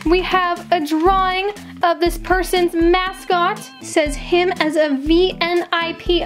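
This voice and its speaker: Casting note: excitable young woman, very high voice, casual unboxing chatter, light music underneath. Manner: gushing, excitable, exclaims often. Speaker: vlogger opening fan mail.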